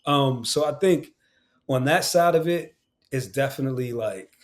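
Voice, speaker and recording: A man, a guest who works as an actor and audiobook narrator, talking in a casual, animated podcast chat with slangy, repeated phrases. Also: medium pitch, normal speed. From Queens, New York.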